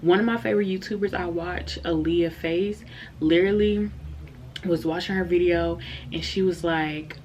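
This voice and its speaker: Young woman, vlogger, low-ish voice, candid, heartfelt, chatty, casual storytime. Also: moderate pace, darkish tone, lo-fi sound, a little hiss or hum.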